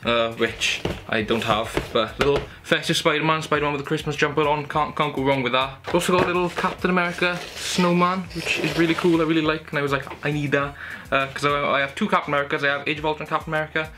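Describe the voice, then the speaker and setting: A man's voice: fairly high pitch, steady tone, fast, hardly any pauses, background noise. A young man, chatty and enthusiastic, showing off his Christmas gifts at home in a casual haul video. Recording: background music under the voice. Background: music playing.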